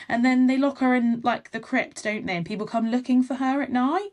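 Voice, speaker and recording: A woman with a slightly raised pitch co-hosts a book podcast. She talks through the plot casually, quotes the characters, and keeps checking in with her co-host through tag questions. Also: moderate pace, hardly any pauses.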